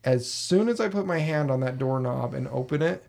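A man, a podcast host, telling a story in a casual, animated way and acting out his own reactions with swearing. He is recording in a basement room. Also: mid-range voice, normal speed, creaky.

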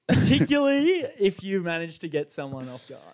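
A man who is a guest on a casual podcast. He tells lively stories, acts out quotes in other voices and laughs often. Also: high-pitched, brisk. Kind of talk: casual chat.

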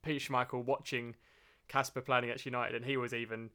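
Relaxed young podcast co-host. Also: male voice, medium pitch. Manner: relaxed, measured, hesitant restarts. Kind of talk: casual football podcast chat.

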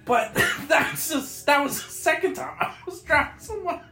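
A man's voice: very high-pitched, moderate pace, gravelly, echoey room, soft background music. A man telling stories in a casual chat, profane and laughing as he goes. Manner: profane, laughing, animated storytelling. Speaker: podcast host.

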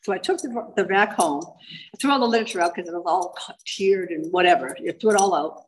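Speaking a little fast in a lowish voice, this Massachusetts woman tells a live crowd about her recovery with dry, self-deprecating humor. There's some hiss or hum, and the audio is low quality.

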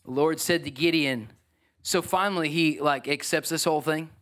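A middle-aged man preaching from the pulpit, his voice sitting on the high side for a man. He moves between loud, lively exhortation and quiet, dropped asides, cracking jokes and calling out to the congregation. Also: normal speed. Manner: animated, jokey preaching with audience asides. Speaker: pastor. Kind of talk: sermon.

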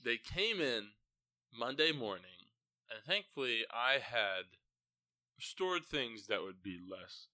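A young man co-hosting a casual podcast, griping about his landlord in a profane, joking rant. His mid-pitched voice is recorded close and dry, with no room sound around it. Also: sing-song, slow, sharp tone, no echo. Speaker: podcast co-host. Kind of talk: casual chat.

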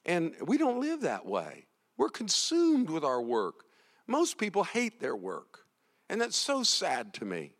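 Animated high-voiced male preacher. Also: measured pace, in a large hall. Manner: animated, swings from hushed to loud; repeats and restarts words. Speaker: pastor. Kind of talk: sermon.

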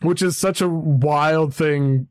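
A man's voice: a little high, steady tone, slow pace, darkish tone, dry recording, studio quality. A man hosting a casual music podcast, chatty and rambling, who laughs often as he talks. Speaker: podcast host.

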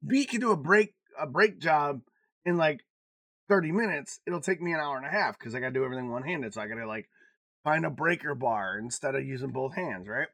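A man in casual podcast chat who tells stories with wide, lively swings in pitch and bursts of loud laughter. His voice is bright and a little high. The sound is close and dry. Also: brisk, no echo. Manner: animated storytelling, swearing, laughing often, big swings in loudness. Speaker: podcast co-host.

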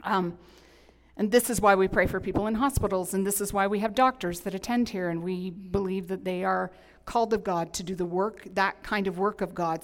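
A middle-aged woman pastor preaching a sermon in an animated, emphatic, conversational way with humorous asides. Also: medium pitch. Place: church sanctuary. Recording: long hall reverb.

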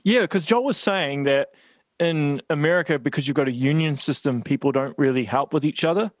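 A man's voice: on the high side, fairly quick, no room sound. New man with dry sound. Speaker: podcast host. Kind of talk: casual interview questions.

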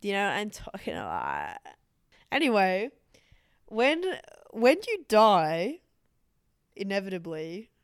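A young woman co-hosting a casual podcast chat, playful and teasing, quick to laugh. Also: medium pitch, huge pitch swings, creaky, smooth, no room sound, studio quality. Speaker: podcast host.

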